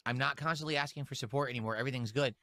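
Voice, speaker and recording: A man's voice: mid-range voice, racing, a bit bright, no echo, studio quality. A man on a stream clip, insisting defensively that he is happy and doing fine.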